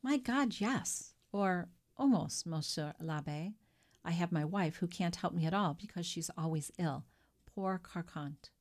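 A woman's voice: on the low side, measured pace, a little mellow, natural voice. A woman reading an audiobook and voicing an eager, ingratiating male innkeeper who fusses over a guest. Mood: self-pitying. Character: fawning, flustered male innkeeper, middle-aged. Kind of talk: audiobook character voice.

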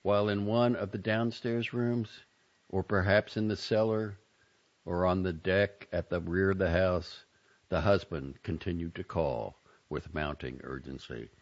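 Low-voiced man reading fiction expressively. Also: unhurried, lo-fi sound. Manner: expressive, dramatic delivery. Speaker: reader. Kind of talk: literary reading of fiction and poetry.

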